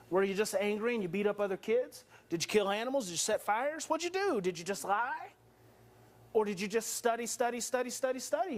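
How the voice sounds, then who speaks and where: High-voiced man giving a dramatic lecture. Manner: dramatic, acts out parents and brains, rhetorical questions. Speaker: workshop lecturer. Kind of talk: animated workshop lecture. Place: workshop hall before an audience.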